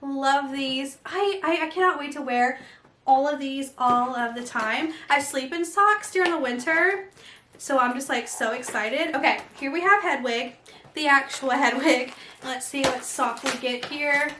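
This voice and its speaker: Excitable woman vlogger, high voice, chatty and filler-heavy, echoey room. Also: unhurried, slight background noise. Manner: gushing, excitable, many fillers. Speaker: vlogger unboxing an advent calendar. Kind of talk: casual unboxing chat.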